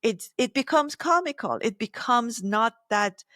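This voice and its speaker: A woman co-hosting a podcast, speaking in a reflective, animated conversational way and often acting out inner voices. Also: on the high side, measured pace, no room sound, studio quality. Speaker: podcast co-host.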